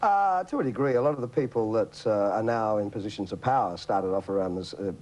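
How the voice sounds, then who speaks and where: A man's voice: fairly low pitch, brisk, a little mellow, a little hiss or hum, rough recording. A middle-aged Australian man, a talk show guest, reminiscing in a rambling, chatty way with frequent restarts. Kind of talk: casual chat.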